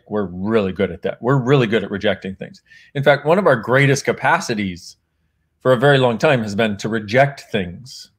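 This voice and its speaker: A man with a mid-range voice talks about his book in easygoing conversation. He laughs a lot, breaks off to correct himself and acts out old conversations as he goes. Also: medium pitch. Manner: warm, laughs often, acts out remembered dialogue, rambles and self-corrects. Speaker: author and guest. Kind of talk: casual conversational storytelling.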